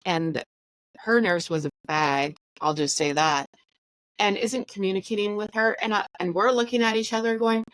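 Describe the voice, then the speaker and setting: Woman, casual storyteller, acts out the dialogue, mid pitch, dry close mic. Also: normal speed, no room sound, rough recording. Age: adult with school-age or older children. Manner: chatty, animated, acts out dialogue. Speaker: podcast host sharing her story.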